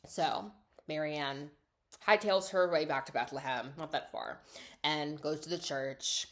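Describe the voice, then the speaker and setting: A young woman with a low-pitched voice recaps a story in casual, sarcastic chat. She leans on fillers and wry asides, slipping into quick impressions of the characters. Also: fairly even intonation. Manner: chatty, sarcastic, heavy "like" and "obviously", acts out quotes. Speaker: writer and coach recapping a movie.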